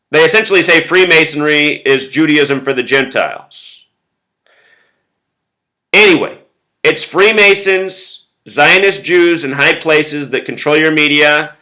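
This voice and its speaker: Bright-voiced man ranting to camera. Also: fairly high pitch, low-quality recording. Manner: emphatic, repeats words and lists, frequent "you know". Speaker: video blogger. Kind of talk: casual monologue to camera.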